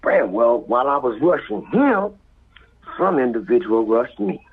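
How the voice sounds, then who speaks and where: A man with a Los Angeles accent tells a story with a very raspy, breathy voice. His pitch swings widely as he acts out voices and sound effects and drops into whispers, and the sound is thin and tinny like a phone line. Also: sing-song, unhurried. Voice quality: very husky. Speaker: guest storyteller. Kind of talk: animated street storytelling.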